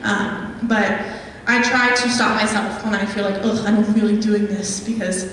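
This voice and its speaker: A woman's voice: mid-range voice, flat delivery, normal speed, a bit bright, a little hiss or hum. A young woman, a guest speaker, telling a chatty story with many ums to a live audience. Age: young adult. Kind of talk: live talk with audience questions. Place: meeting hall. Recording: echoey hall from far off.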